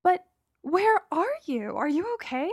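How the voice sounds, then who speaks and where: A woman voicing a caring, worried middle-aged mother who speaks warmly and with concern. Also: very high-pitched, very animated, unhurried, dry recording, studio quality, pitched above the performer's own voice, heavily acted. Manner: warm and concerned.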